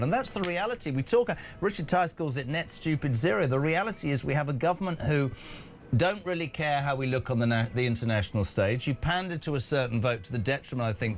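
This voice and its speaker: A man hosting a breakfast radio talk show, emphatic and indignant, with big swings in pitch.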